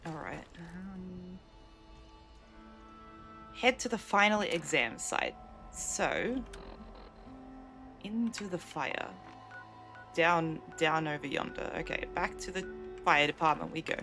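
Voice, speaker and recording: A woman streamer talks her way through a game in a loose, self-deprecating ramble. She speaks slowly, with a lively pitch that rises and falls, while the game's music plays clearly behind her. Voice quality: chatty and self-deprecating, thinking aloud. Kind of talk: casual live-stream commentary.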